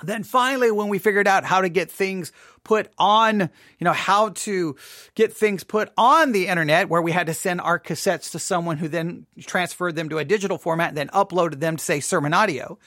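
A man's voice: high-pitched, moderate pace, fairly bright tone, dry recording. A man hosting a live podcast from his studio, telling a self-deprecating story in a chatty way, often asking "right?". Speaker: podcast host. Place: home studio.

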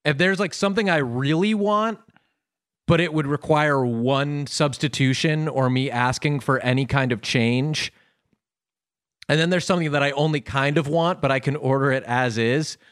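Halting, self-deprecating man on a podcast. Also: fairly high pitch, fairly bright tone, clean tone, no echo, studio quality. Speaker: podcast guest. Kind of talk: casual comedic chat.

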